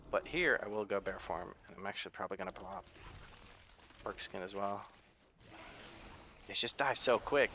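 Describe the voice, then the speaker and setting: A man's voice: fairly low pitch, sharp tone, a little hiss or hum. Chatty gamer man, American accent. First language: not English. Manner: chatty, rambling asides while playing. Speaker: gaming video creator. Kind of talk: casual gameplay commentary.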